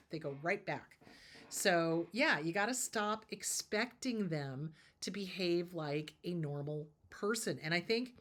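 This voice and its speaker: A woman therapist hosting a show, giving advice in a casual, emphatic way and repeating her key points. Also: on the low side. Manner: emphatic and repetitive, drives points home.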